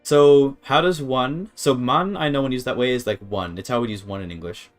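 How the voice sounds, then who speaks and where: A man's voice: medium pitch, moderate pace, faint music behind. A man streaming a game, thinking aloud in a hesitant, casual way with many restarts. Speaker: streamer learning a language.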